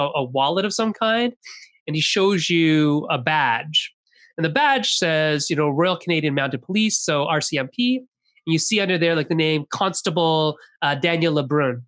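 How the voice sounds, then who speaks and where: A game master narrating a tabletop role-playing session in a casual, halting way with many fillers. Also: medium pitch, a bit bright.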